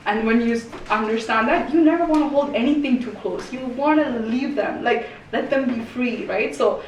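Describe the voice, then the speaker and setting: A woman speaking as a roundtable guest in fast, casual talk full of "like" and "right?". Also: fairly high pitch. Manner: fast, filler-heavy, says "like" and "right?" often. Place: community event room. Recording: echoey room, distant mic, faint noise.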